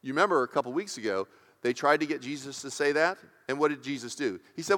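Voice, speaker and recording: A pastor giving a sermon in a conversational, emphatic way, often checking in with the congregation. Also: male voice, mid-range voice, expressive, fast talker, fairly bright tone, in a large hall. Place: church sanctuary.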